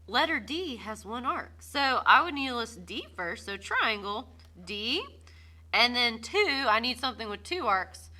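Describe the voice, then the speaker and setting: A woman's voice: a little high, expressive, a little slow, bright, forceful tone. A woman teaching a recorded geometry lesson, bubbly and self-deprecating, cheering on her students. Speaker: math teacher.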